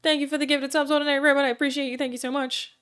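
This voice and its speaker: Her voice is high with little pitch movement and a fairly bright tone. She's an Australian woman casually chatting with stream viewers, frequently saying "um" and thanking people by name as she goes.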